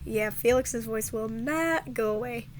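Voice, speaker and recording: A congested, hoarse woman with a raspy voice, rambling casually in a vlog and stumbling over her words. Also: a little high, unhurried, a little hiss or hum. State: congested, hoarse from a sore throat. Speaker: video creator.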